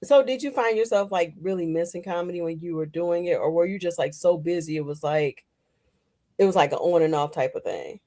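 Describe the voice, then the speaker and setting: A woman's voice: lowish voice, brisk, mellow. Chatty laughing woman podcast host. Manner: chatty, rambling, laughs often. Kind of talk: casual interview chat.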